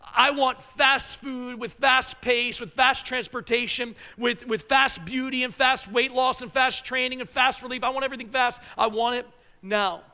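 A man's voice: sits high, sharp tone, in a large hall. A man preaching a sermon in a conversational, emphatic way, often repeating his phrases. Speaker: pastor.

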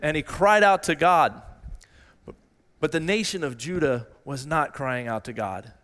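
A man preaching a sermon as pastor, earnest and given to repeating phrases, rising in pitch when he voices a desperate plea. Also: a little slow, fairly bright tone. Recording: long reverb in a large hall.

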